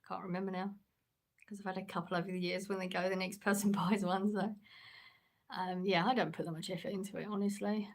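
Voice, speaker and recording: English woman streamer, relaxed and halting, slight vocal fry, mid-pitched; answers chat casually. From England. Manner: laid-back and hesitant, with many ums and restarts. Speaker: livestreamer. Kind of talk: casual livestream chat, reading comments aloud.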